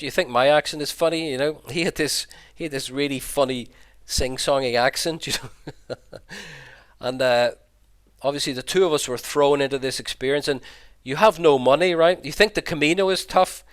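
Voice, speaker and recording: A middle-aged Irish man, a priest, telling a personal story over slides on a video call in an earnest, reflective way, often repeating words. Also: medium pitch. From Ireland. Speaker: Jesuit priest and pilgrim guide giving a talk.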